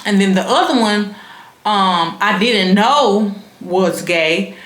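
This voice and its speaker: A woman's voice: mid-range voice, animated, slow, a bit bright. A young woman, telling a story to her vlog audience in a frank, slangy, casually profane way. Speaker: vlogger. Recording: roomy echo.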